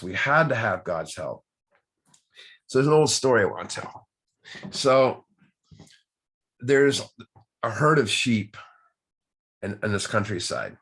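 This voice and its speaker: Husky, low-voiced man teaching a recovery study. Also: fairly bright tone. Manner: earnest, rhetorical questions, repeats key words. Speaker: recovery study group leader and sponsor. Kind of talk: informal teaching on a recovery text.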